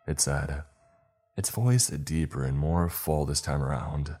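A man narrating a first-person horror story in a measured, dramatic way. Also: rumbling low, warm tone, soft background music.

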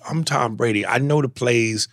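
A man co-hosting a podcast, chatting casually with animated, profane storytelling and reading listener messages aloud. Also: medium pitch, moderate pace, no echo, studio quality. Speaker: podcast co-host. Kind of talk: casual chat.

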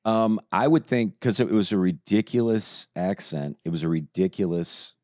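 A man chatting casually as a podcast co-host, quick with opinions and playful teasing. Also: deep voice, darkish tone, no echo, studio quality. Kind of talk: casual chat.

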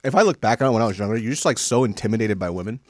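A man's voice: lowish voice, dry recording, clean studio sound. A man co-hosting a podcast, telling stories in a casual chat and often checking in with "right?". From small town. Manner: fast, animated storytelling with rhetorical "right?". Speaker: podcast co-host.

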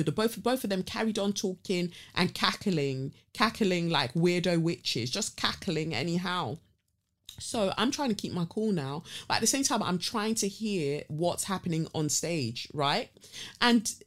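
A young woman, telling a story as a blunt, animated and sweary rant. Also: lowish voice. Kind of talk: ranting storytelling.

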